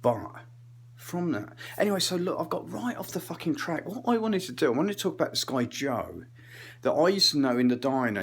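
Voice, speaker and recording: A man's voice: on the high side, breathy edge. A man in his sixties with an English accent, ranting in a rambling, digressive way, swearing and sometimes dropping to a whisper. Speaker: comedian. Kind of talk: rambling comic rant.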